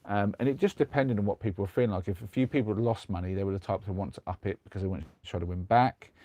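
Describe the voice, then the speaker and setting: A young man with a lowish voice spins a long, rambling anecdote on a live stream, restarting his sentences as he goes. The sound is close and dry, with no room around it. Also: quick pace, warm tone, no room sound. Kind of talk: casual chat and storytelling. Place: converted van.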